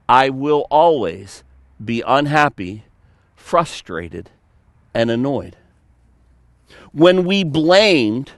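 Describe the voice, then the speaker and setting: A man preaching a sermon as pastor, animated, telling stories and slipping into playful mock voices. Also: a little high, no echo, studio quality.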